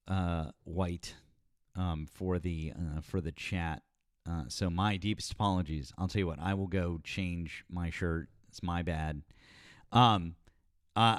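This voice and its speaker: A man hosts a live political stream, chatting casually with callers in a voice that sits low. He's blunt and profane, rambling with lots of swearing and filler words. The sound is studio quality with no room noise.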